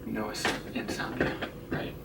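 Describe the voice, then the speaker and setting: A man joking around with his partner in a casual vlog, chiming in with quick offhand remarks. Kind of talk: casual chat. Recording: distant mic with audible noise.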